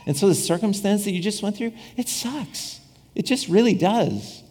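A man's voice: high voice, animated, moderate pace, darkish tone, slightly rough. A man preaching a casual, conversational sermon, often repeating and restarting his phrases and acting out quoted voices with humor. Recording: long hall reverb.

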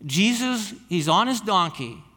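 A man's voice: high voice, very animated, measured pace, pushed and bright, long reverb tail. A man preaching a sermon as pastor, earnest and often repeating words as he restarts phrases.

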